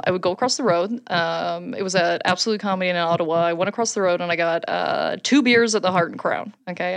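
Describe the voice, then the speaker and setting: Laughing, loose-talking woman comedian. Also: mid-range voice. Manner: animated, swears freely, laughs often. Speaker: podcast co-host and stand-up comedian. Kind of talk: casual storytelling chat.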